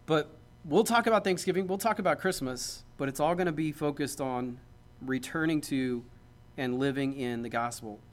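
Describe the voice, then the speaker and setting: A man's voice: on the high side, moderate pace. A man, a pastor, preaching a sermon in a conversational, joking way that builds to emphatic points.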